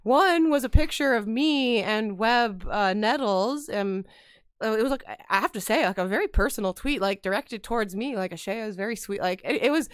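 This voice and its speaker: A woman co-hosting a casual chat podcast, talking in a chatty way with many fillers. Her voice is somewhat high and clear, and the recording is dry and close. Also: lively intonation, moderate pace, no room sound. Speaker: podcast co-host.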